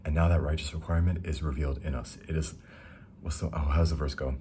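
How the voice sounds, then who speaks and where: A young man giving a casual, rambling devotional talk, reading verses slowly and enthusing between them. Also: a bass voice, fairly even intonation, mellow, slight background noise. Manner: reads scripture slowly. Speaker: Christian speaker.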